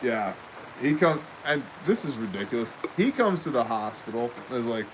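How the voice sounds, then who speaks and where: A man's voice: medium pitch, moderate pace, slight background noise, rough recording. A man co-hosting a casual show, telling a story with lots of laughter and acted-out quotes. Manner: animated storyteller acting out quoted voices, laughing often. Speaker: co-host.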